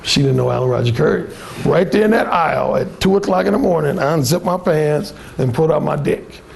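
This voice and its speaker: A man's voice: fairly high pitch, animated, a little fast, gravelly. A man telling a frank, profane story at a dating seminar, acting out the people in it. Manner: frank, profane, acts out the people in his stories. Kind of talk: storytelling talk.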